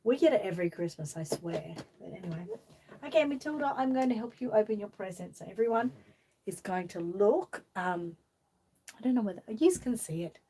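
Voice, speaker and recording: A woman's voice: medium pitch, animated, fairly quick, warm tone, a little hiss or hum. An Australian woman hosting a casual live stream, reading viewer comments aloud and coaxing a doll in a fond sing-song voice, laughing often. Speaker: vlog host.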